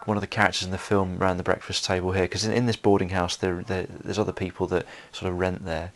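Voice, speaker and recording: A man's voice: low-pitched, flat delivery, fast talker, vocal fry. A man giving a solo film commentary, rambling with many fillers and restarts.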